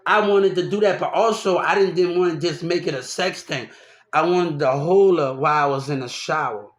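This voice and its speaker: Loud, high-voiced man. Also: normal speed. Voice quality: loud, animated, laughs often while talking. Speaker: vlogger telling a personal story. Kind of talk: casual rambling monologue. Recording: echoey room.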